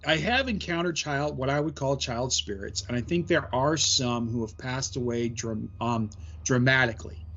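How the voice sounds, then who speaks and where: A man's voice: medium pitch, normal speed, a bit bright, muffled recording. A man guesting on a podcast as a paranormal investigator, explaining at length with many "um" fillers. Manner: rambling explanations full of "um" fillers. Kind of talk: casual podcast chat.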